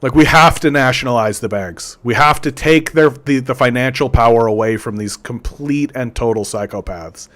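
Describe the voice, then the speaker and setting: A man's voice: mid-range voice, normal speed, few pauses, a bit bright. A man hosting a political commentary show, ranting sarcastically and stumbling over repeated words. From Canada.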